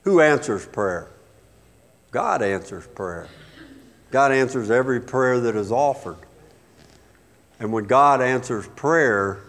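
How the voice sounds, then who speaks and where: A man's voice: mid-range voice, a bit bright. A man preaching a sermon as a pastor, emphatic, with sudden rises and drops in his voice. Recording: long hall reverb.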